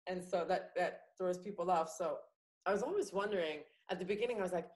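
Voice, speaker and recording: A woman comedian in her thirties talks in a casual interview with an international English accent. Her voice sits a little low, and she tells stories in a chatty, animated way, with plenty of fillers. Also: brisk, rough recording. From France. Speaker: guest comedian.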